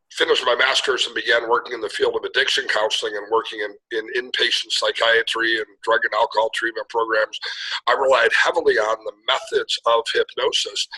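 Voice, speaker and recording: Husky, bright-voiced man explaining. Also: medium pitch, rough recording. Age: middle-aged. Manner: fluent storyteller with frequent restarts. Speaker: guest hypnotherapist. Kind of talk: casual interview on a call.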